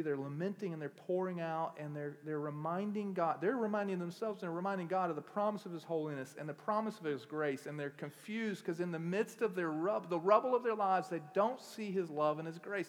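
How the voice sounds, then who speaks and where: A man preaching a sermon as pastor, moving between quiet reflective passages and loud impassioned peaks. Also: fairly high pitch, fairly quick, few pauses, in a large hall.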